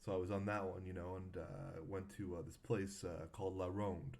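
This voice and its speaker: A man's voice: sits low, level tone, moderate pace, vocal fry, a little mellow. A man on a comedy talk show, guest talking in an earnest, rambling, slightly dim tough-guy way. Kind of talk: comedic interview chat. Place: metro station underground, by his own account.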